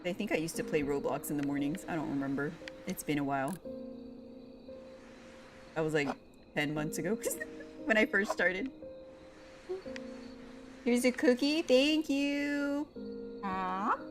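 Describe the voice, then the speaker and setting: A woman's voice: sits low, normal speed, long pauses, music in the background. A young woman, playfully chatting with her viewers by name while streaming a cozy game. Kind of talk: casual live-stream chat with chat.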